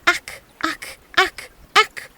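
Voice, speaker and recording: A woman voicing a chorus of pond frogs that cry out in shrill, repeated croaks in a storybook reading. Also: very slow, sharp tone, full character voice. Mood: croaking.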